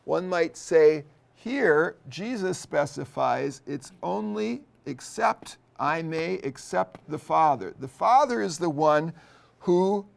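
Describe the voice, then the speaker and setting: Middle-aged male professor, a bit high-pitched with a gravelly edge, who lectures thoughtfully with frequent ums and restarts. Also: lively intonation. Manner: thoughtful, pauses with many fillers and restarts. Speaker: seminary professor. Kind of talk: unscripted Bible lecture.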